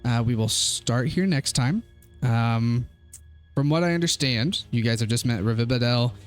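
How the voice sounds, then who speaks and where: A man narrating as game master of a tabletop game, giving an easygoing, unhurried lore recap. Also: mid-range voice, clean tone, soft background music.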